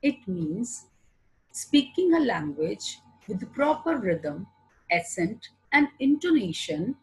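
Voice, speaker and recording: A husky, breathy-voiced woman with an Indian English accent delivers an online lecture. She speaks slowly and deliberately, and her pitch rises and falls in a lively way as she poses questions and then answers them herself. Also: faint music behind, low-quality recording. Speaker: teacher.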